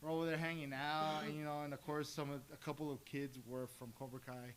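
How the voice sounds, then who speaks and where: A jiu-jitsu coach telling stories in a casual interview, acting out the dialogue with lively energy. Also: male voice, on the high side, fairly quick. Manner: animated storyteller, acts out quoted dialogue. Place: gym. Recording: faint background hiss.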